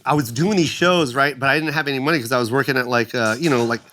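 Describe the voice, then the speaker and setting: Animated man telling a story. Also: fast talker. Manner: acts out other people's lines in loud high-pitched voices. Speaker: guest comedian. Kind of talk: animated storytelling in a casual podcast chat.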